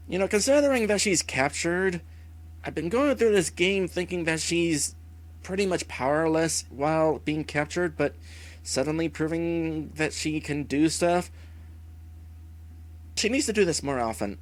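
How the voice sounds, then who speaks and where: A male streamer making quick, joking asides while playing an RPG. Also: fairly high pitch, expressive. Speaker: streamer, host. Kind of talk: casual let's-play commentary.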